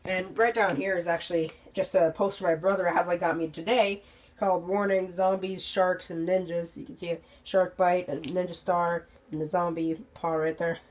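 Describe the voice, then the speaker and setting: A young YouTube host who says they are sick and congested, giving a casual channel update vlog in a rambling, halting way full of ums and restarts. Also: medium pitch, level tone.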